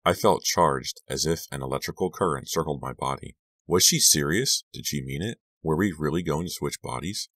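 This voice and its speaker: A man narrating a scary audiobook in a measured, hushed storytelling manner, lifting his voice for the dialogue. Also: a bass voice, no room sound. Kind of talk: scripted narration.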